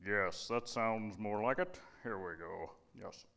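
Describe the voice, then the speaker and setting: A man voicing a cheerful male church puppet who preaches a children's sermon in a put-on Southern preacher accent, with a showy, drawn-out delivery. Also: on the low side, gravelly, a bit bright, full character voice. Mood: playful.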